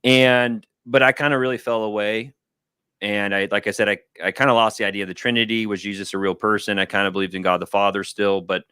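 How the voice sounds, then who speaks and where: Man telling a rambling, lively story. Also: fairly low pitch, smooth, no room sound, studio quality. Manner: animated, rambling storytelling with acted-out quotes. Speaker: guest. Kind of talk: casual talk on a livestream. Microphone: video call.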